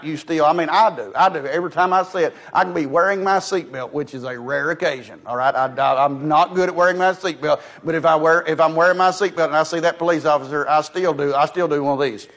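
Speaking a little fast and with fairly even intonation, this American man preaches in a folksy, storytelling style, his fairly high voice peppered with "he said." He shifts from booming, emphatic statements to soft asides.

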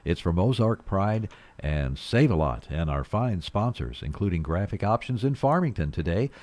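A folksy male radio host talks from a studio in a low voice. He rambles easily and chuckles between thoughts. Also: big pitch swings, moderate pace, a little mellow, dry recording. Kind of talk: morning radio show.

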